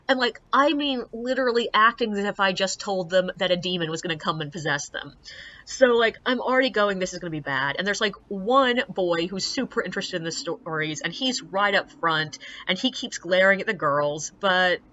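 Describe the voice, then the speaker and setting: A woman tells tour-guide stories straight to camera in a loose, chatty way, leaning on fillers. Her voice is bright and forceful, and the recording sounds a little dull and lo-fi. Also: medium pitch. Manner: chatty, animated, filler-heavy. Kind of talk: casual storytelling to camera.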